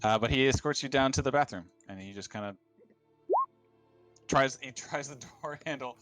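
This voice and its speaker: Man, game master, halting casual narration, mid pitch, faint music behind. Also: fairly bright tone. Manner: hesitant, many fillers and restarts.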